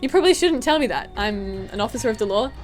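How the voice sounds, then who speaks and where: A woman's voice: on the high side, lively intonation, fast talker, soft background music, natural voice. A woman voicing a male detective with a put-on Australian accent, asking questions. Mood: questioning.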